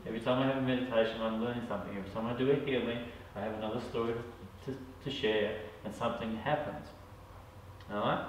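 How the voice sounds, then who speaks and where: An Australian psychic medium chats casually with a small group, speaking fast in a medium-pitched, steady voice and repeatedly checking in with "all right?". The mic is far off in an echoey room, with a little hiss or hum.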